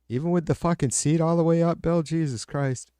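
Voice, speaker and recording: A man's voice: fairly high pitch, steady tone, a little fast, mellow, smooth, dry recording, studio quality. A middle-aged man hosting a livestream, chatting casually with viewers and answering their comments aloud in a profane, rambling way. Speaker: livestream host.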